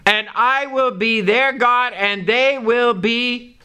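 A man preaching a sermon to a congregation, reading scripture aloud and stressing key words in an emphatic, drawn-out delivery. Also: very high voice, pushed and bright, smooth.

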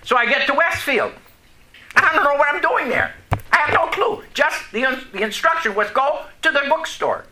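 A man's voice: very high-pitched, animated, moderate pace, sharp tone. A man preaching a testimony to a congregation, telling a story and asking the audience questions. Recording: echoey room, faint noise.

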